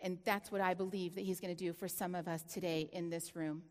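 A woman preaching a sermon, telling a personal story with lively laughter and sudden hushed, dramatic drops. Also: on the low side, fairly quick, in a large hall.

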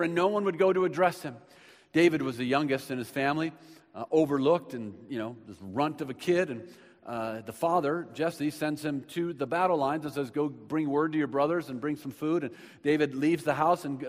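A man preaching a sermon as pastor, swinging between hushed, quiet passages and loud, emphatic bursts. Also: on the high side. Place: church sanctuary. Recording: long reverb of a large hall.

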